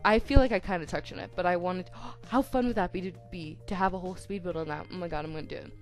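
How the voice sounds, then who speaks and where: A teenage girl chatting over a game build, soft-spoken and tongue-tied, with voice cracks and constant "like"s. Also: on the low side, fast talker, soft background music. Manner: chatty, self-deprecating, lots of "like", tongue-tied restarts. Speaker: YouTuber. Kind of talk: rambling voice-over chat during a speed build. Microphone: home desk microphone.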